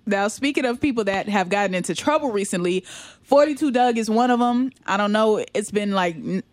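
A woman's voice: mid-range voice, brisk, no echo. A woman co-hosting a casual entertainment news chat, slangy and laughing often. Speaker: co-host.

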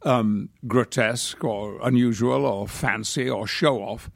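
An older man from the north of England, a guest actor telling anecdotes in a measured, articulate and wry manner. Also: mid-range voice, vocal fry, no echo, studio quality. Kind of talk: anecdotal interview storytelling.

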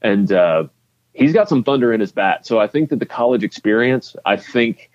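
Casual male podcast co-host, lowish voice, rambling delivery, muffled lo-fi sound. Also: animated, moderate pace. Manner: rambling, many restarts and fillers. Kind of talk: casual sports chat.

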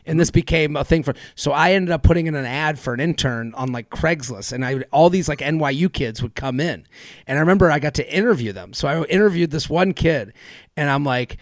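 A man in his thirties hosting a podcast, telling stories in a rambling, animated way with many restarts. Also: fairly high pitch, a little fast, dry recording, studio quality. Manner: rambling, animated storyteller with frequent laughs and restarts. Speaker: podcast host. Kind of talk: casual podcast chat and storytelling.

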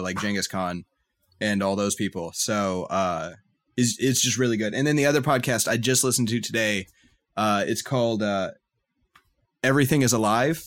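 A man's voice: on the low side, fairly bright tone. A man co-hosting a podcast in casual chat, recommending things with enthusiasm and lots of "uh" and "like". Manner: enthusiastic, filler-heavy recommender. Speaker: podcast co-host.

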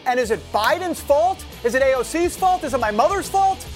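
A man's voice: very high-pitched, animated, a little fast, faint music behind. A man hosting a talk show, joking and chatting in asides to his crew. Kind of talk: casual talk show chat.

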